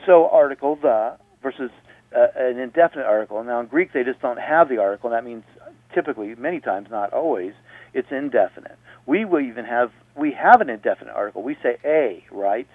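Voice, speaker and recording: A man on the radio teaches grammar patiently, one point at a time, restating things to make sure everyone follows. His medium-pitched voice is lively in intonation and a little fast, heard through dry, phone-like audio with no room sound.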